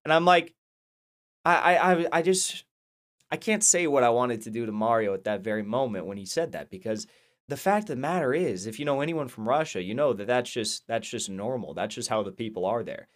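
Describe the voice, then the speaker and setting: A man's voice: mid-range voice, expressive, fairly quick. A man hosting his own commentary channel, ranting casually and heatedly, with lots of restarts and swearing. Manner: rambling, heated, profane, many restarts. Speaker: political commentary channel host.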